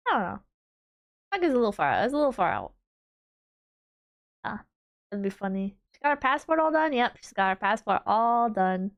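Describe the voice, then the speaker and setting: A woman streamer chatting casually on a livestream, gushing and bubbly, piling on fillers and restarts, and swooping up high when excited. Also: normal speed, long pauses. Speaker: VTuber streamer.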